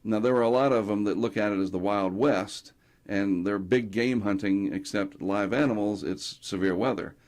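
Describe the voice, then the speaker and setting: Middle-aged man from North Carolina, interview guest; low-ish voice, chatty storyteller who acts out the quotes. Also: moderate pace. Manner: animated anecdotes, acting out quotes. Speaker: guest, hurricane tracker.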